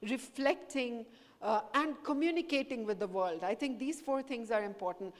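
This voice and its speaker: A woman's voice: a little high, moderate pace. Earnest woman speaker in an echoey hall. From India. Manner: earnest, encouraging, mixes Hindi into English. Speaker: guest speaker, professor. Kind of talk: talk to students. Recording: echoey hall with long reverb.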